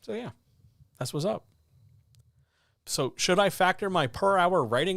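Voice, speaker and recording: A man hosts a writing advice livestream, answering viewer questions in a casual chat that's blunt and sardonic. His voice is gravelly and a little slow with frequent pauses, animated with sudden pitch jumps, recorded dry with clean studio sound.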